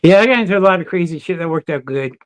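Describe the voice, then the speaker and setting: Speaking rapid-fire in a high register, this man is captured in a dry recording. He's on a podcast as a guest, spinning animated, expletive-laced anecdotes and laughing as he goes.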